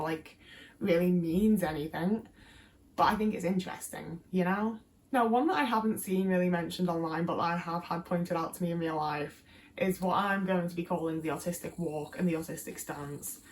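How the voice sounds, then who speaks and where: A young English woman, a YouTuber, chats casually to camera in a rambling, filler-heavy way, her accent a Midlands blend with touches of Liverpool. Her voice sits lowish and moves fairly quickly. There's slight background noise.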